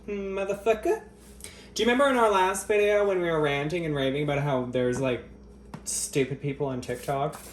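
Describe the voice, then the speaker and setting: A man's voice: on the high side, brisk. Sarcastic, foul-mouthed man in an echoey kitchen. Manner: profane, sarcastic, mock-dramatic, teasing the viewers. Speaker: vlogger. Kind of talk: cooking vlog chat to camera. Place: home kitchen. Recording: echoey kitchen with faint ambient noise.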